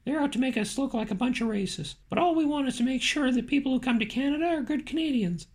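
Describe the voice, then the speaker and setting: A scornful, lecturing party boss who booms when pressed, voiced by a woman narrator. The voice sits high and carries a storybook reader's steady control. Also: fast talker, natural voice. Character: domineering middle-aged male party boss.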